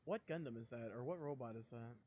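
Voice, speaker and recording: A young man chatting casually on a live stream, rambling and excitable, laughing often and sounding sleepy. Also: mid-range voice, quick pace.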